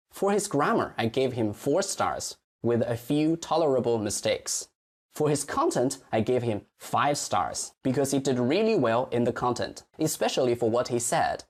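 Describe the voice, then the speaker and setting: Guy teaching mandarin pronunciation, very lively pitch, repeats phrases slow and clear. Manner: slow, exaggerated modeling of Chinese phrases. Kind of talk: pronunciation lesson.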